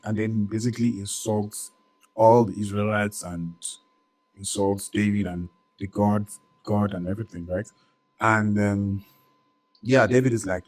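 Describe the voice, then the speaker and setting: A man with a low voice retelling a Bible story for a church audience. He keeps it loose and conversational, peppering it with "like," "right?" and little jokes. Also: steady tone, measured pace, darkish tone, poor audio. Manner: chatty, lots of "like" and "right?", jokey asides.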